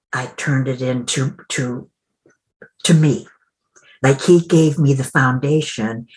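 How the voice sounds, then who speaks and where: Low, unhurried woman telling a story. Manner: reflective, acts out quoted dialogue. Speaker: mentor and coach. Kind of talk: conversational interview storytelling.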